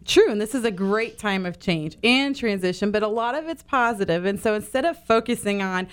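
A woman's voice: medium pitch, lively intonation, fairly quick, smooth. Reassuring counselor woman on radio. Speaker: counselor co-host. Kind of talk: radio advice talk.

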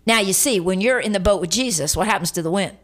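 A woman's voice: mid-range voice, fast talker. A middle-aged woman preaching a radio sermon, telling a story and repeating lines for emphasis, calling on listeners to respond.

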